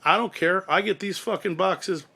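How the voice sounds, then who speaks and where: A man's voice: sits high, normal speed, sharp tone, husky. A man ranting angrily and at length, profane and rambling, about someone who cheated him. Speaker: radio collector ranting to forum. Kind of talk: angry monologue.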